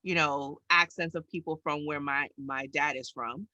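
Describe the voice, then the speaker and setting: A woman from New York co-hosting a podcast, an animated storyteller who acts out voices and reactions in casual chat. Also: sits low, moderate pace, dry recording, lo-fi sound. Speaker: podcast co-host.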